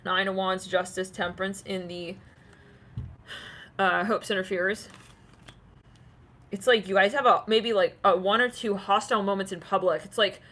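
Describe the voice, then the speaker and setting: Bright-voiced woman giving a rambling tarot reading. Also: medium pitch, fairly even intonation, normal speed, long pauses. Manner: rambling, filler-heavy, acts out quoted voices. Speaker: tarot reader. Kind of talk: casual channeled tarot reading.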